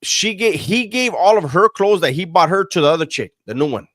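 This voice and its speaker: A man's voice: sits high, a little fast, dry recording, clean studio sound. A man hosting a live-stream talk, swearing often and mocking the person he talks about. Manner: profane, mocking, animated. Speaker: host. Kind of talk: casual live-stream chat.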